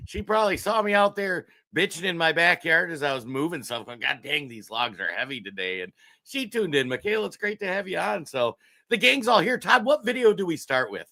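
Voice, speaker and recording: Bright, chatty man from Minnesota, excitable co-host. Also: sits high, brisk, creaky. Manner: excitable, chatty, gives shout-outs. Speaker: podcast co-host. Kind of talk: political talk show banter.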